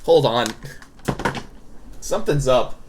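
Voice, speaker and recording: A man streaming a game, chatting casually, joking, swearing freely and reacting loudly to what happens on screen. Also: mid-range voice, animated, slow pace, slight background noise. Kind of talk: casual gaming commentary.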